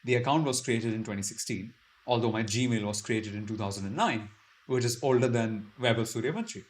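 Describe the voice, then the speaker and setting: A man's voice: fairly low pitch, brisk. A man hosting a casual live-stream Q&A, reading out viewer comments and answering them with chatty, self-deprecating humor. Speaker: YouTube live stream host.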